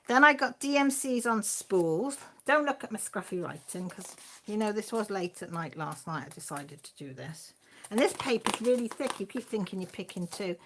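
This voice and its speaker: A woman's voice: mid-range voice, animated, normal speed, fairly bright tone. A middle-aged woman with a Radnorshire Welsh accent, hosting a casual livestream, chatting in a rambling, self-deprecating way and reading out viewers' comments. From Wales, Radnorshire. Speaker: livestream host.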